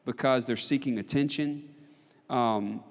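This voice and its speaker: A man's voice: medium pitch, measured pace. Guy talking earnest and emphatic, casual teaching vibe, kinda echoey long reverb. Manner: earnest, emphatic, repeats words when moved. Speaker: church parenting talk co-host.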